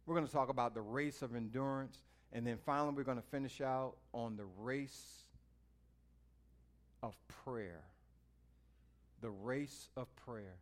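A man preaching a sermon in a folksy way, talking straight to his listeners and swinging from quiet musing to loud exhortation. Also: medium pitch, a little slow, pauses often. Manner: folksy, speaks to the listeners directly.

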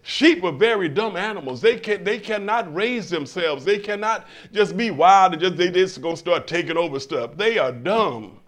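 Older guy preaching in church, high voice, keeps restarting words then booming out, asks the crowd questions. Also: fairly bright tone. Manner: call-and-response, stammering restarts, emphatic swells. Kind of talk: sermon. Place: church in front of a congregation.

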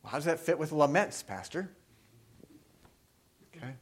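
A man preaching a sermon with a slightly high voice. He talks to his congregation in a conversational way and keeps asking them questions. He moves between loud, emphatic stretches and quiet, reflective ones. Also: lively intonation, moderate pace, husky. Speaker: pastor.

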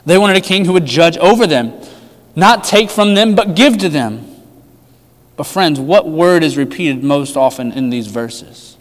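A man preaching a sermon with emphatic rhetorical questions, his delivery swinging between loud and hushed. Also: fairly high pitch, expressive, unhurried, long reverb tail. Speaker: pastor.

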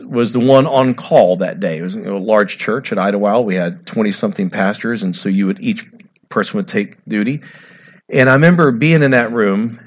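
A man in his forties preaching a sermon as a pastor, with dramatic swings from loud, raised passages to hushed storytelling. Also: mid-range voice.

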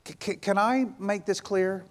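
A male pastor preaching a sermon, emphatic and repetitive, firing rhetorical questions and swinging between loud passages and hushed ones. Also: sits high, unhurried.

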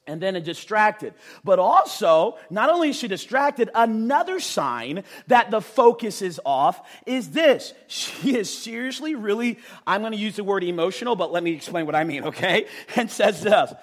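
A man preaching a sermon, talking emphatically with casual jokes and frequent asides to the crowd. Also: high voice. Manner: animated, emphatic, jokey, talks to the crowd with "right?".

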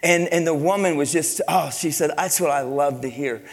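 A middle-aged man preaching a sermon as pastor, telling stories in an animated way with many restarts and repeated words. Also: fairly high pitch, normal speed. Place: church sanctuary. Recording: long reverb of a church hall.

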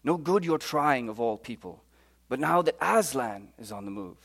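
A man reading aloud and voicing a kindly male talking beaver in a put-on British accent, speaking softly. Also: fairly high pitch, big pitch swings, moderate pace, creaky, heavily acted. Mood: hushed earnest. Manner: hushed, storybook reading aloud.

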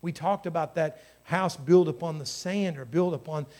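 A man preaching a sermon with passion, dropping to a hush and then building to loud, ringing calls. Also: a little high, moderate pace. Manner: impassioned, swinging from hushed to shouting.

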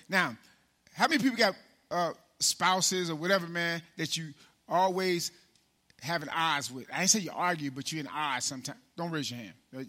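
A man preaching a sermon as pastor, in a casual, folksy way that keeps asking "right?" and calling people "man", swinging from loud, rising calls to the congregation down to hushed, low asides. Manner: preaching with loud call-and-response swells and sudden hushed drops.

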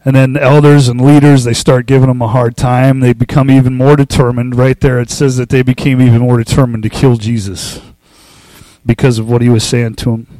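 A man preaching a casual sermon, talking loosely with fillers and restarts, and reading scripture slowly and with emphasis. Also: medium pitch, no room sound, poor audio. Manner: relaxed, conversational, with fillers and restarts. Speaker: pastor.

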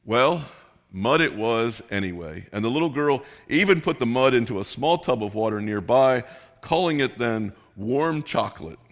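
A man's voice: mid-range voice, expressive, normal speed. Male pastor preaching in an easy, earnest tone, with a long echo behind him as if in a big hall. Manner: earnest, conversational preaching with quoted voices. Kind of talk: sermon.

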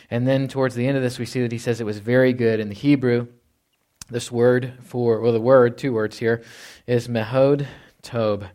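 A man's voice: medium pitch, darkish tone. A man, a pastor, preaching a conversational sermon, reading scripture aloud and asking rhetorical questions.

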